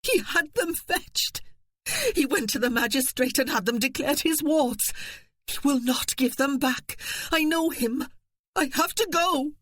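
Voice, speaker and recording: A woman's voice: sits high, measured pace, fairly bright tone, no echo, pitched above the performer's own voice. A narrator voicing a terrified young noblewoman who stammers and wails in panic. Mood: panicked. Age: young adult.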